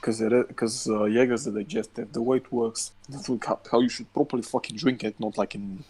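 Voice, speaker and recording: Young dude cohost, blunt and sweary, just chatting. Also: male voice, medium pitch, steady tone, brisk, darkish tone, husky. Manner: blunt, heavy swearing storyteller. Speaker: podcast co-host. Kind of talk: casual chat.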